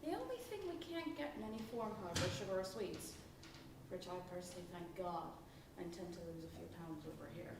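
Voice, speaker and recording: An actress on a stage playing a lively woman who reads out a chatty, gushing letter from England. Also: lowish voice, fast talker. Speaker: stage actor. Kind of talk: stage play reading a letter aloud. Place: theatre stage. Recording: echoey theatre, from far off, faint noise.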